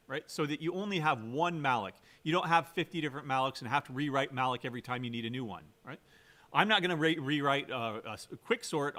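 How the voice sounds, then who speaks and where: His voice is a little high with a sharp tone. This computer science lecturer gives a recorded programming lecture conversationally, often asking "right?" and stressing key words, with fillers, restarts, and plenty of emphasis.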